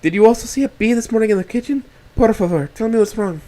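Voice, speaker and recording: A man's voice: high-pitched, quick pace, voice pushed up, close to an everyday voice. A man reading a story aloud on stream, voicing a chirpy, caring young woman who drives. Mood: worried. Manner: bright, fussing, concerned.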